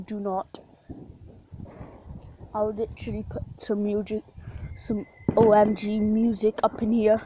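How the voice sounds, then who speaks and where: Slow-talking defiant woman filming outdoors. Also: fairly high pitch, a little mellow, slight background noise, poor audio. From Portugal. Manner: rambling, defiant, swears casually. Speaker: vlogger. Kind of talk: casual rambling vlog. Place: outdoors at night during fireworks.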